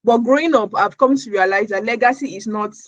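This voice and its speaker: A woman's voice: a little high, a little fast, no echo, poor audio. A woman from Nigeria answering interview questions as a podcast guest, earnest, often repeating words as she searches for her phrasing.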